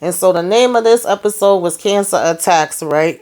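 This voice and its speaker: A woman talks through a TV episode recap in a loose, chatty way. Her voice sits a little low, and she jumps in pitch when she quotes the characters. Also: moderate pace, hardly any pauses, a little mellow. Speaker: TV review host. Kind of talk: casual TV recap.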